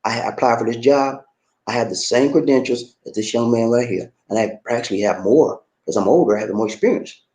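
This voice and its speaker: A man's voice: mid-range voice, fairly quick, mellow. A middle-aged man giving an emphatic, repetitive monologue, talking straight to his viewers and calling them man. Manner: emphatic, repetitive, keeps addressing listener as man. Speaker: online commentator. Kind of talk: casual preachy monologue. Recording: roomy echo.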